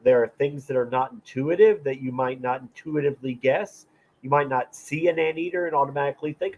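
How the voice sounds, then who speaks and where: A man's voice: medium pitch, a little fast, highs cut off. A man co-hosting a podcast, mocking his opponents and mimicking them in casual ranting chat. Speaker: podcast co-host.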